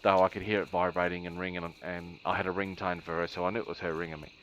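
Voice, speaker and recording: A man's voice: low voice, flat delivery, quick pace, fairly bright tone, lo-fi sound, a little hiss or hum. A man streaming a game, telling a long rambling story with laughs and many ums.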